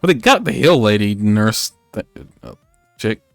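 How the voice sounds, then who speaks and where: A man's voice: on the low side, animated, measured pace, vocal fry, a bit bright, dry recording, soft background music. A man co-hosting a podcast, recapping an anime episode in casual, rambling chat with lots of fillers and jokes. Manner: rambling, joking, many fillers. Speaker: podcast co-host.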